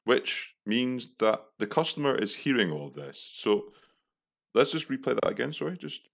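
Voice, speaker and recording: A man's voice: medium pitch, sing-song, moderate pace, gravelly. A young man hosting a podcast, reacting to adverts in a profane, incredulous, mocking way. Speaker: podcast host. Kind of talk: casual commentary.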